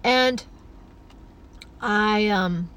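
A woman hosting a spiritual podcast, talking in a gentle, flowing, earnest way with many soft asides. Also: mid-range voice, very slow, smooth. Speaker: podcast host.

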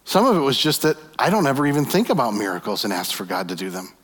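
A man delivers a sermon in a large hall, where his voice fades into a long echo. Speaking fast in a husky, middle-range voice, he imaginatively retells a scripture story and keeps posing rhetorical questions to his listeners.

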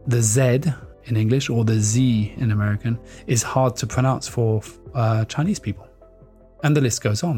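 A man from France gives a lively presentation talk, his voice sitting at an ordinary middle pitch. He restarts words now and then and slips into playful accent impressions. Faint music plays behind him. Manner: animated, playfully mimics foreign accents, frequent restarts. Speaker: speaker on brand naming.

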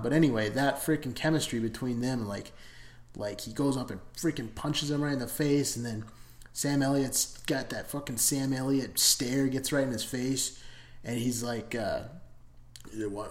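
A man's voice: a little high, echoey room. A man giving a casual, rambling and profane movie review, full of enthusiasm.

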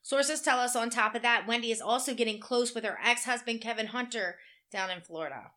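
A woman co-host reading out gossip news in a casual chat, then dropping blunt, salty asides. Her voice is bright and forward, pitched a little above the usual for a woman. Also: fairly quick. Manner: blunt, reads items then adds frank asides.

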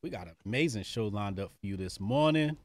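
A man's voice: lowish voice, animated, brisk, no room sound. A man hosting a casual show, hyped and slangy, laughing often with his guest. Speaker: podcast host. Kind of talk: casual interview chat.

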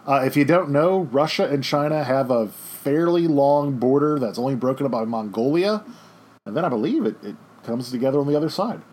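A man teaching a history lesson over slides in a casual, joking way, with chatty off-the-cuff asides. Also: a little high.

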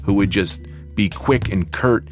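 A man telling a personal story aloud, animated and acting out the people in it. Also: on the low side, measured pace, faint music behind.

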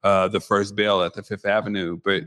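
A man's voice: fairly low pitch, level tone, brisk, fairly bright tone. A man hosting a talk show, chatting playfully, stumbling over words and laughing. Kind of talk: casual interview chat.

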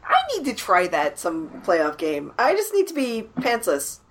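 Lively, laughing woman co-host. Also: medium pitch, a little slow, noisy background. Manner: laughing, teasing, animated. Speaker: podcast co-host. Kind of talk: casual chat.

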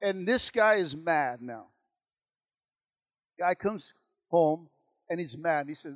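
A man, preaching a sermon in a high-pitched voice. He repeats phrases and calls out to the congregation. The sound is dry and close, with no room echo. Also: expressive, takes it slowly, fairly bright tone. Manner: preaching with call-outs and repetition. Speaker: pastor.

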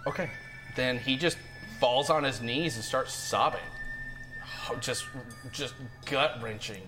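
A man's voice: mid-range voice, slow pace, music in the background. A man playing a tabletop game, describing his character's actions with strong emotion. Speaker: player. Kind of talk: tabletop game role-play.

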